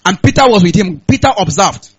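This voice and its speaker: A man's voice: high voice, lively intonation, brisk, slightly rough, poor audio. A man with a Nigerian accent preaching a sermon on stage, repeating his points and asking the audience to answer back. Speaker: pastor. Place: church hall, on stage.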